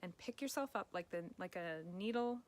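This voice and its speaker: A woman life coach giving gentle, encouraging self-help advice straight to the viewer. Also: mid-range voice, expressive, normal speed.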